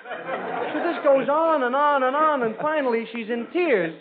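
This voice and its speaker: A man telling a comic story on a radio comedy show, in a lively storytelling manner. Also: very high-pitched, unhurried, a crowd in the background, background noise. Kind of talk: 1940s radio joke telling. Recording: tinny lo-fi old radio broadcast.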